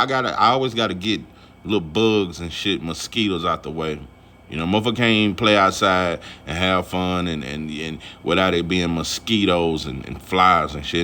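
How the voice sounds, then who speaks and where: A man's voice: low-pitched, bright, forceful tone, a little hiss or hum. A man vlogging about boxing in a casual, rambling, profane rant full of fillers.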